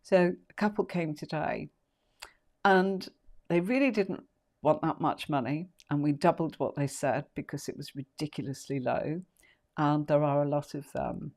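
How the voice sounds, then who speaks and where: A woman's voice: low voice, normal speed, darkish tone. Rambling, chatty woman teaching tarot. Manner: rambling, chatty, many fillers. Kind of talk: casual live-stream tutorial.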